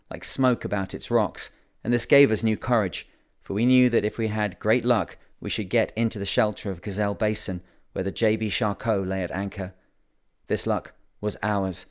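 Guy reading an old sailing memoir aloud, lowish voice, calm even storytelling. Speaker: audiobook reader. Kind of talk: scripted narration.

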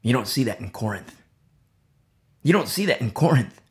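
Emphatic woman preaching with a lively pitch. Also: normal speed. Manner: emphatic, repeats key phrases, drops to near-whispers. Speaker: pastor. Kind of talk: sermon.

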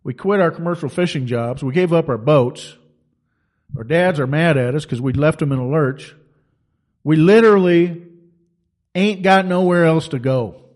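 A man's voice: on the high side, moderate pace, darkish tone, close to an everyday voice. A male preacher voicing a weary, honest fisherman disciple who speaks in a plain, folksy way. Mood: pleading.

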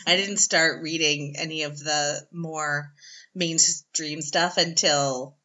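A chatty woman hosts a podcast interview, her voice bright and a touch low. She laughs often and fills her talk with "like". The audio is dull and lo-fi. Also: steady tone, slow pace. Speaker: podcast host. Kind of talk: casual interview chat.

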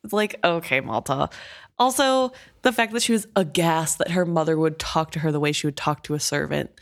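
A woman with a lowish voice discusses a novel in casual conversation. She sounds exasperated and drops in plenty of fillers. Her pitch sits below most women's. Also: fairly quick. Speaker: book discussion co-host. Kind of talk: casual book chat.

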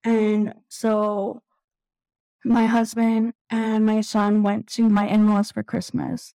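A woman in her thirties, a guest candidly telling a painful personal story in a halting, emotional way, close to tears. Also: mid-range voice, monotone, creaky, warm tone, no echo, low-quality recording. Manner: candid, halting, tearful at times. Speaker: guest sharing recovery story.

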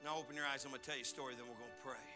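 A male pastor giving a folksy, animated sermon, often restarting his words. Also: medium pitch, racing, over music. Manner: folksy, animated and joking, with repeated word restarts.

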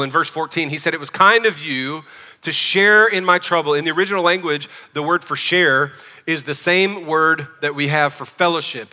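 A man's voice: a little high, sharp tone. Emphatic pastor man in a reverberant church. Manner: emphatic, calls out to the congregation. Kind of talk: sermon. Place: church sanctuary. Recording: long reverb of a church hall.

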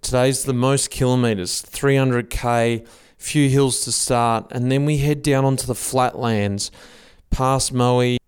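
Upbeat man, smooth voice. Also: medium pitch, steady tone, takes it slowly, hardly any pauses, no echo, clean studio sound. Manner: upbeat, chatty, interviewing riders. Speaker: podcast host. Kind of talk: casual chat while cycling. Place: outdoors on a bike route.

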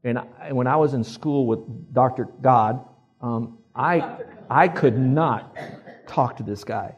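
Husky-voiced male preacher. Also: mid-range voice, slow, lo-fi sound, faint music behind. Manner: conversational preaching with audience call-and-response. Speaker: pastor. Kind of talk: sermon.

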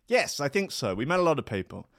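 Man putting on a breathy high-voiced woman. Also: sing-song, fast talker, fairly bright tone, no echo, clean studio sound, heavily acted. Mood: prim. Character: impression of a famous woman, drowsy and polite.

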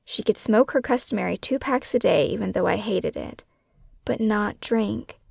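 A woman author reading her own memoir as scripted first-person narration, hushed and often falling into a breathy whisper. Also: medium pitch, normal speed, no echo, studio quality. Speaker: author and podcast host.

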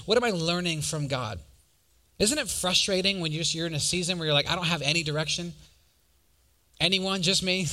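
A young man preaching in a church, his voice bright and forward, sitting a little high for a man. He slips from scripture into lively stories and keeps asking the crowd for a show of hands. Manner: conversational, animated storytelling with audience questions. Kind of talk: sermon.

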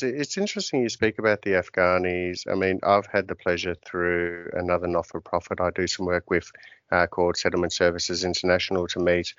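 A man's voice: low voice, fairly bright tone, clear, resonant tone, no echo, lo-fi sound. A man hosting a podcast interview, asking long, rambling questions. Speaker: podcast host.

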